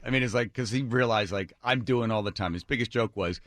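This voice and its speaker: A man's voice: lowish voice, brisk, hardly any pauses, no echo. A man hosting a radio talk show, telling a personal story and acting out what others said. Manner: animated, acts out quotes of others. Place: radio studio.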